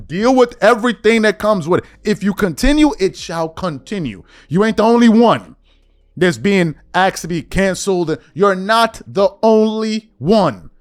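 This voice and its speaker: Animated, high-pitched emphatic man. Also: no room sound, clean studio sound. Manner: emphatic, slangy, mocking impressions. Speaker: commentary host. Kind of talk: opinion commentary.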